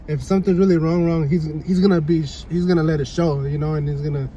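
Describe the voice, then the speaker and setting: A man's voice: fairly high pitch, fairly even intonation, quick pace, crowd noise, poor audio. A young man chatting casually on a couple's vlog, laid-back and leaning on "you know?" after nearly every thought. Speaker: vlogger. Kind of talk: casual chat. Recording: light background noise.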